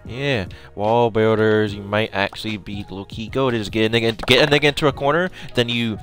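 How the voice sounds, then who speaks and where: A man playing an online game with a friend, excitable, taunting opponents and laughing. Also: fairly low pitch, fairly quick, hardly any pauses, soft background music. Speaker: gamer streamer. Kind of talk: casual gaming chat.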